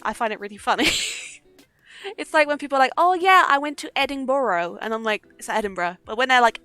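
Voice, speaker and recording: A woman's voice: fairly high pitch, fairly bright tone. A young woman chatting casually on a livestream, giggly and swearing freely. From Britain. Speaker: streamer.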